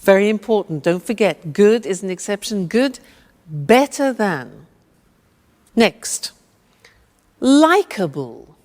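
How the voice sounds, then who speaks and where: A woman's voice: medium pitch, big pitch swings, slow, long pauses, darkish tone. A woman presenting an English lesson, speaking carefully and patiently as she drills grammar forms with the viewer. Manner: patient, over-enunciated, prompting. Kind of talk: slow, drilled language lesson. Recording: long reverb.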